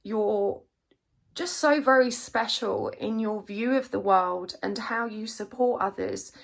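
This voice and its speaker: Gravelly-voiced woman giving a tarot reading. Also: medium pitch, slow pace. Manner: soft, reassuring, emotional at times. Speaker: tarot card reader. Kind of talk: gentle spiritual reading to camera.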